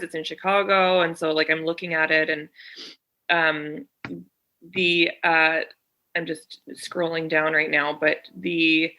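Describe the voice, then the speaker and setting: Bright-voiced woman telling an animated story. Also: sits low. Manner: animated storyteller, acts out both sides of a phone call. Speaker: podcast co-host. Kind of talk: casual chat, retelling a story.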